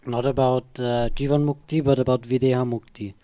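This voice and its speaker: A man from the audience poses a question in a careful, measured way. His voice is mellow and dark, recorded close and dry with little room sound. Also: medium pitch, flat delivery, clean tone, dry recording. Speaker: audience member asking a question.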